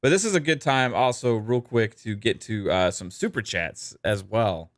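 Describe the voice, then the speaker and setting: A man's voice: lowish voice, normal speed, no echo, clean studio sound. A man co-hosting a gaming podcast, chatting casually and reading out viewer messages, laid-back with lots of ums and easy laughs. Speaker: podcast co-host. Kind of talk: casual podcast chat reading super chats.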